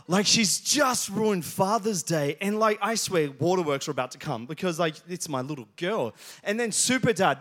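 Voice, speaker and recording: A man's voice: a little high, fairly quick, fairly bright tone. A man, preaching a sermon and telling funny stories to his congregation. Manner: joking storyteller, talks to the congregation by name. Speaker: pastor. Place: church hall with congregation.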